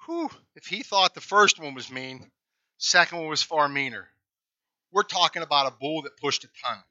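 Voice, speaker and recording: A man's voice: a little high, sing-song, normal speed, pushed and bright, no room sound, dull audio. A male pastor telling a folksy story in a conversational sermon.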